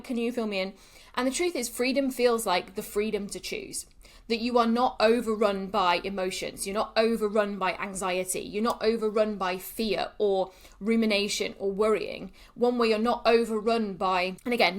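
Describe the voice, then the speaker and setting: A woman's voice: medium pitch, a bit bright. Candid, swearing woman coach. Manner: candid, swears freely, emphatic repetition. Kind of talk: casual monologue to camera.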